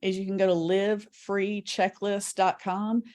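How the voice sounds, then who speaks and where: A woman guest on an interview show, telling a story in an earnest, animated way. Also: mid-range voice, a little slow. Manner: animated storyteller, earnest, talks with shifting speed.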